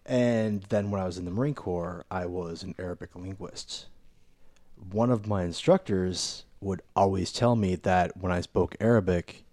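A man chatting on a podcast in a measured, wry way, with filler uh's. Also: deep voice, a little mellow, no echo. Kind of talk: casual podcast chat.

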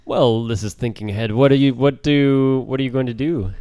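A man's voice: mid-range voice, fairly even intonation, a little fast, mellow, smooth, no echo. A man co-hosting a casual podcast, reading sponsor lines and joking with guests. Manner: playful, reads sponsor lines. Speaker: podcast co-host. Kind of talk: casual chat.

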